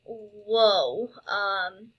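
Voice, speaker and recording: A woman's voice: mid-range voice, very slow, husky, lo-fi sound. A woman giving casual gameplay commentary, giddy and gushing, with lots of fillers and exclamations. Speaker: gameplay video creator.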